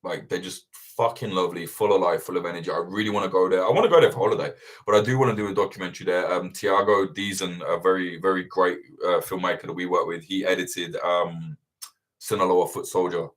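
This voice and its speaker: This is a man with a lowish voice, hosting a casual livestream Q&A. He rambles through answers with animated energy and swears freely as he goes. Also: quick pace. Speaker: host of livestream Q&A.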